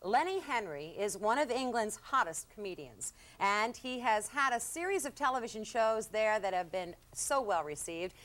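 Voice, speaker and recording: A woman's voice: mid-range voice, expressive, normal speed, hardly any pauses, fairly bright tone. A woman hosting a talk show, laughing often as she interviews a comedian.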